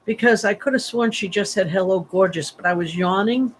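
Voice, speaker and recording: A woman's voice: mid-range voice, brisk, a little hiss or hum, rough recording. A woman giving a psychic reading on a livestream, rambling and chatty with many fillers and restarts, sleepy and yawning. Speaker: psychic medium.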